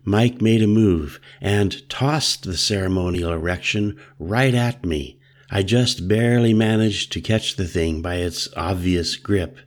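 Deep, slow male storyteller. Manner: measured, reflective storytelling. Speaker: narrator. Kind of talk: scripted first-person novel narration.

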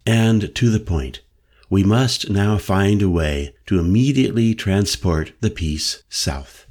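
A man reading an audiobook voices an old male mystic elder with a low, penetrating voice who lectures solemnly and insistently. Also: slow, darkish tone. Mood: earnest. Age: older. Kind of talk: audiobook character voice.

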